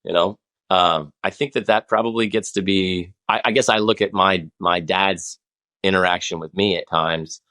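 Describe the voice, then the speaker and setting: A man's voice: low-pitched, fairly even intonation, normal speed, pushed and bright. A man in his forties, a guest on a podcast, talking in a rambling, passionate way with many restarts. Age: 40s. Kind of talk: casual conversation.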